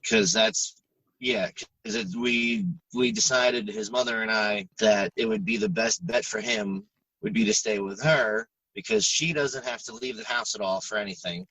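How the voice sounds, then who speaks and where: A podcast co-host in casual chat, talking frankly and swearing freely with halting restarts, audibly stressed and upset. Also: male voice, mid-range voice, creaky, sharp tone, slightly rough, distant mic, low-quality recording.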